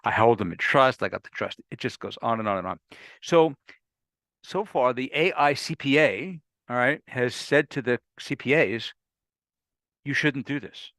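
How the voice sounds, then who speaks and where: A man's voice: medium pitch, expressive, normal speed, fairly bright tone, dry recording. Man, lawyer, casual explaining, emphatic, repetitive, dry close sound. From United States. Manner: emphatic, repeats himself, folksy asides. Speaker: lawyer hosting a legal briefing. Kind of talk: conversational explanation.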